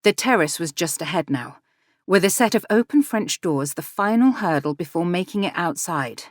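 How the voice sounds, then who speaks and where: A woman narrating a romance audiobook with a lower voice than most women. The read is measured and smooth. The sound is dry and close to the mic. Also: expressive, no echo.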